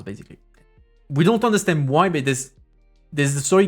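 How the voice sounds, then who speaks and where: Soft music plays behind this fairly high, husky voice, which is animated and brisk. The speaker is a man in his thirties who streams and works as a parliamentary assistant, and he has a French accent blended with mixed English ones. Telling stories casually on stream, he wanders, starts over frequently, and uses lots of filler sounds.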